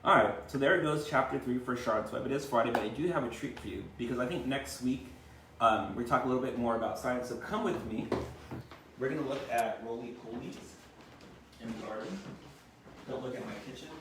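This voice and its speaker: A man's voice: medium pitch, fairly quick, recorded from a distance, noisy background. Male teacher reading a storybook to kids at home, chatty, stops to explain words; echoey room, mic well back. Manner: chatty, explains words, tags lines with "right?". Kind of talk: reading a storybook aloud to a class. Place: home kitchen.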